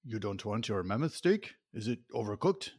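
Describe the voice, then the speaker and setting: A man's voice: on the low side, very animated, moderate pace, background noise. A man voicing a dim male caveman with a headache, speaking in broken grammar. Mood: grumbling.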